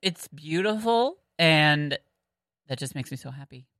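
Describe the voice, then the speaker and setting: A woman's voice: sits low, expressive, unhurried, a bit bright, no echo, rough recording. A Southern American woman co-hosting a casual book-discussion podcast, chatty and giggly with lots of fillers and restarts. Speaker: podcast co-host.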